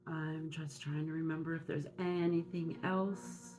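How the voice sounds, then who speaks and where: A woman from Minnesota giving a casual spiritual message, talking in a meandering, halting way with many fillers. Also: sits low, little pitch movement. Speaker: spiritual reader.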